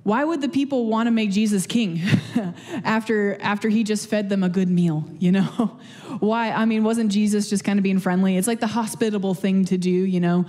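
A woman's voice: medium pitch, normal speed, mellow, in a large hall. A woman preaching a casual sermon and prayer, chatty, with many fillers and restarts.

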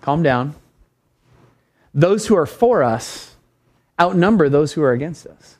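A man voicing a calm old male prophet who speaks slowly and steadily. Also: high voice.

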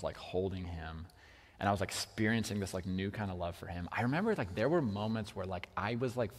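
A young man preaching a sermon about his children in a casual way, full of "like", moving between hushed and loud moments. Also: mid-range voice. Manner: casual, heavy use of "like", swings from hushed to loud. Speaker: pastor. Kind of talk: sermon with personal story. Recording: long hall reverb.

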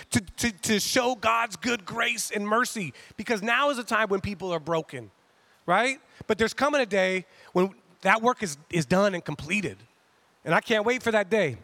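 A man preaching a sermon in a casual, conversational way, acting out quotes with animated asides. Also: high voice, no echo. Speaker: pastor.

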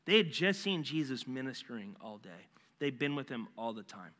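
A man preaching a sermon as a pastor in a casual, animated way, full of slangy asides. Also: medium pitch, normal speed. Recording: long reverb in a large hall.

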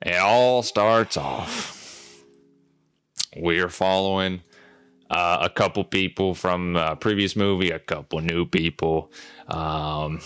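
A man with a Southern accent talks in a very low yet bright voice. He rambles through a casual podcast recap, full of fillers and restarts. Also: smooth, no room sound. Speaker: podcast co-host. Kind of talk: casual chat, recapping a movie.

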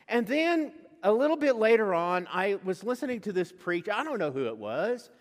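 A male pastor preaches a sermon in a high voice at a moderate pace with hardly any pauses. He tells stories in an animated way, acting out quoted voices as he goes, and the recording carries a long hall reverb.

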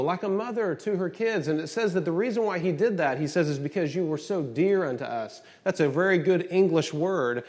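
Middle-aged male pastor, slightly high voice, energetic preaching with rhetorical questions. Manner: emphatic, animated preaching with call-and-response questions. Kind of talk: sermon.

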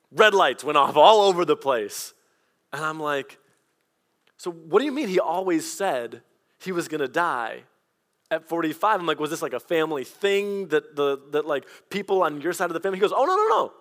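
A man preaching a sermon as pastor, telling personal stories in a lively conversational way. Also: a little high. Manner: storytelling, animated and conversational.

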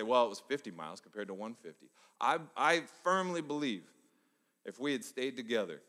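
Bright-voiced male preacher in a reverberant hall. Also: lowish voice. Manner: animated storytelling, swings from soft to loud. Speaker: pastor. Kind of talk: sermon.

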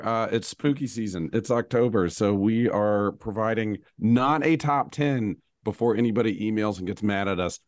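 A man with a somewhat low, slightly hoarse voice, chatting on a podcast. He tells his stories in a rambling, laughing way. The sound is dry and close. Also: darkish tone, no echo. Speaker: podcast co-host. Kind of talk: casual podcast chat.

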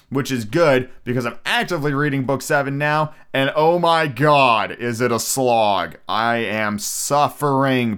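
A man hosting a podcast in a loose, jokey, casual manner, swearing freely. He sounds tired and slightly hoarse. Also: medium pitch, a bit bright. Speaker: podcast host.

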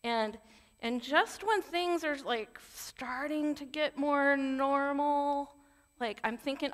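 A woman preaching with earnest, conversational warmth, dropping candid personal asides between points. Her voice sits a little high, and a long reverb trails each phrase as if she is in a large church hall. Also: slow. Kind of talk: sermon.

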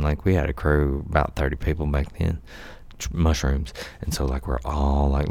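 A man's voice: rumbling low, warm tone. A middle-aged man telling a long story in a casual, profane, laid-back way, laughing often and acting out the quotes. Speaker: podcast host telling life stories.

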